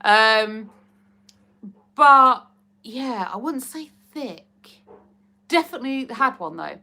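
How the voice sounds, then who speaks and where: Bright-voiced woman with a Hertfordshire accent. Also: a little high, lively intonation, slow pace. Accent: Hertfordshire English. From Hertfordshire, England. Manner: chatty and giggly, reading out viewer comments. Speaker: livestream host. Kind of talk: casual live-stream chat with viewers.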